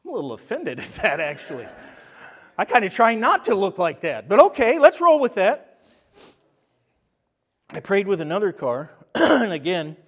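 A man preaching a sermon as pastor, telling stories with lively, self-mocking humor. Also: high voice, normal speed, long pauses. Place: church service.

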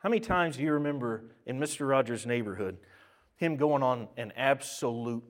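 A male pastor preaching a sermon, swinging from loud, exclaimed lines to quiet, intimate speech. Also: mid-range voice, lively intonation, normal speed.

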